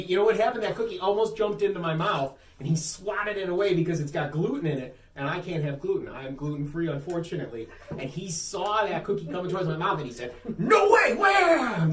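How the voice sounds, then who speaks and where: Animated, jokey male co-host. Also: high-pitched, fast. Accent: Western New York. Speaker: talk show co-host. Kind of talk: casual banter. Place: underground bunker room. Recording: echoey room, distant mic, faint hiss.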